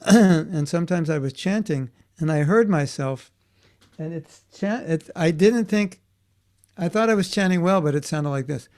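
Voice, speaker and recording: A man's voice: a little high, gravelly, a little mellow. A man teaching a class for children in a conversational way, often checking in with his students and restarting his sentences. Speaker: workshop teacher for kids.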